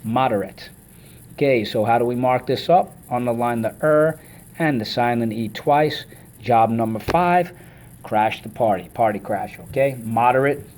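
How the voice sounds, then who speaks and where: A man teaching a vocabulary lesson, energetic and enthusiastic, leading call-and-response drills and chanting words syllable by syllable. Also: medium pitch, slight background noise.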